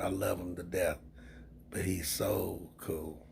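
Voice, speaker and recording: A man hosting a casual livestream who drifts from topic to topic, gets heated, then trails off quietly. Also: deep voice, level tone, takes it slowly, slight background noise. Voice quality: gravelly and very husky. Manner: rambling, drifts between topics. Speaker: livestream host.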